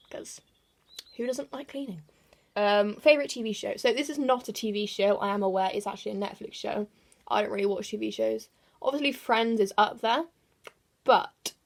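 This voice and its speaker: A teenage girl with an English accent chats through a list of questions in her bedroom. She giggles, stumbles over words and lets her sentences fade out quietly. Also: medium pitch, gravelly. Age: teens. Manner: chatty, giggly, self-correcting, trailing off quietly. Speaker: vlogger. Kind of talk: casual chat answering tag questions.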